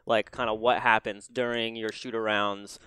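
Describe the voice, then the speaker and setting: A man's voice: fairly low pitch, flat delivery, normal speed, bright, forceful tone, smooth, no echo. A young man hosting a casual sports podcast, laughing often and talking loosely with lots of fillers. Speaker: podcast host.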